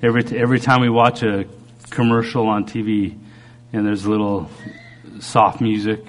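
A middle-aged man preacher giving a halting, earnest personal testimony during a sermon while recovering from a stroke. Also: on the low side, flat delivery. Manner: earnest, halting, with frequent restarts.

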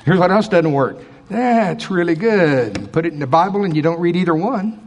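A man preaching a sermon in church, swinging between loud emphatic lines and quiet asides. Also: fairly high pitch, fast talker, a little hiss or hum.

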